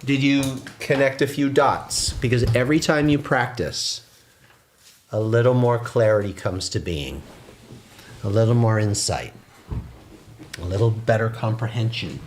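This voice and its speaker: A man from England, a qigong instructor, leading a guided standing meditation in a soft, slow voice. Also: mid-range voice, reverberant, slight background noise.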